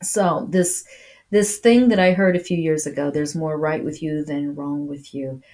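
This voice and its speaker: A woman's voice: low-pitched, unhurried, darkish tone. A woman preaching a sermon to a remote audience, earnest and repeating words as she stresses her points.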